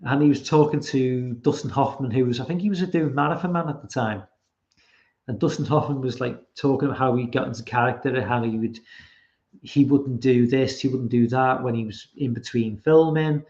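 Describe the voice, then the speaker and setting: A man hosts a loose livestream podcast in an ordinary mid-pitched voice. He rambles, restarts his sentences and swears freely. The recording sounds a little dull and lo-fi. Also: a little fast, a little mellow. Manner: rambling, sweary, full of fillers. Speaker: podcast host. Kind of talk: casual livestream chat.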